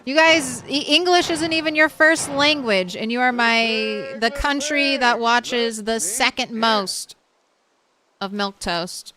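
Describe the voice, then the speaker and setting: A woman's voice: on the high side, slow, pushed and bright, slight background noise. A tired young woman streaming a game late at night, chatting casually with her viewers and often restarting her sentences.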